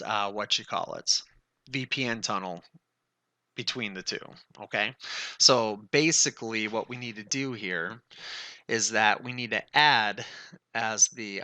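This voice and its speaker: Gravelly, bright-voiced man teaching networking. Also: mid-range voice, no room sound. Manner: chatty, thinks aloud, addresses viewers as guys. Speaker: network tutorial instructor. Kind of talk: casual screen-recorded tech tutorial.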